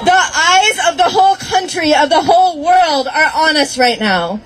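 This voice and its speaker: A woman from Minnesota giving an emotional, shouted speech as an activist at an outdoor protest. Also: high voice, expressive, normal speed, poor audio. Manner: emotional, near tears, shouting. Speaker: activist speaker. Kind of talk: impassioned rally speech. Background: crowd.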